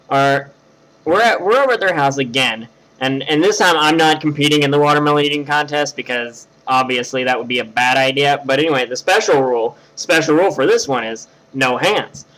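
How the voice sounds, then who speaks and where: A man's voice: mid-range voice, low-quality recording. A young man from Tennessee, telling a rambling story to his webcam with lots of fillers and restarts. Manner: rambling, animated, filler-heavy. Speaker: vlogger.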